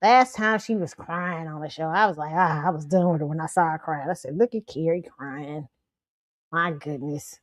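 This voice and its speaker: A woman's voice: sits low, fairly quick, hardly any pauses, no room sound, clean studio sound. Sassy, blunt woman host. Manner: blunt, sassy, animated, laughs often. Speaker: show host. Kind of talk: pop culture commentary livestream.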